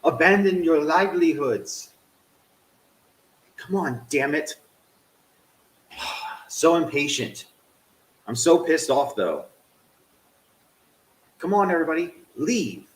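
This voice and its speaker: A man's voice: on the high side, sing-song, slow pace, pauses often. Roomy-sounding streamer man cursing at a game. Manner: cursing at the game, swings from grumbling to yelling. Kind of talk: live game stream commentary.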